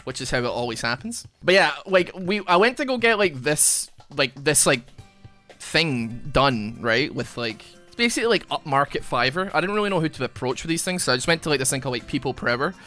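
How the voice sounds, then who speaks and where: Lively, bright-voiced rambling gamer guy. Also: on the high side, a little fast, soft background music. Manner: rambling storyteller, many fillers; animated, bursts of laughter. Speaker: gaming YouTuber. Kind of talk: casual chat over gameplay.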